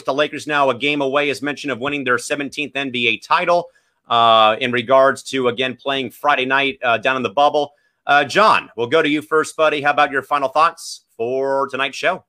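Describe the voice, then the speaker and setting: A man's voice: medium pitch, bright, forceful tone. A young man hosting a casual sports talk show, upbeat and speaking to his listeners as folks. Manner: upbeat, addresses the audience as folks. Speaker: podcast host.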